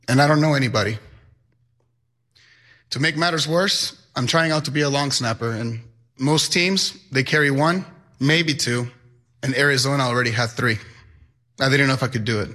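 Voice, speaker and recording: Young guy telling his life story, bright forceful voice, earnest. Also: mid-range voice, normal speed, pauses often. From Mexico. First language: Spanish. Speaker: high school Spanish teacher. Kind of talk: personal storytelling.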